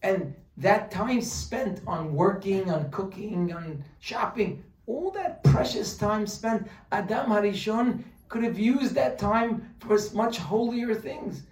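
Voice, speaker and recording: A man's voice: high voice, expressive, slow, a little mellow. A man teaching a religious class, telling a story with humorous asides and explaining Hebrew terms as he goes. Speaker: Torah teacher. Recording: roomy echo, voice from a distance.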